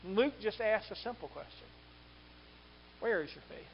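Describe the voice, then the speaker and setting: A male pastor preaching a sermon in an animated way, acting out the quoted lines. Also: high-pitched, moderate pace, lo-fi sound, slight background noise.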